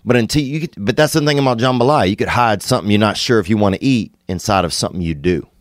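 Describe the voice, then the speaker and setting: Deep-voiced man rambling comedic monologue. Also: quick pace, no echo, clean studio sound. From Louisiana. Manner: rambling, digressive, jumps to sudden high excited bursts.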